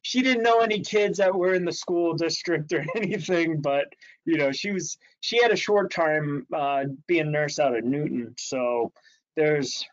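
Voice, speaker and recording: A man's voice: on the high side, a little slow. Rambling man telling a story. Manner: rambling, laughs often, many restarts. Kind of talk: casual chat, storytelling. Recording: slightly muffled lo-fi audio.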